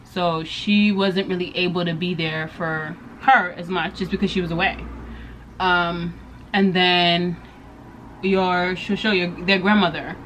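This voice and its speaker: A young woman chats to camera from her bedroom, telling a story with big swings in pitch as she acts out what everyone said. She laughs often and talks casually, with a faint hiss of noise behind her voice. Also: fairly even intonation, unhurried, fairly bright tone. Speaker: vlogger.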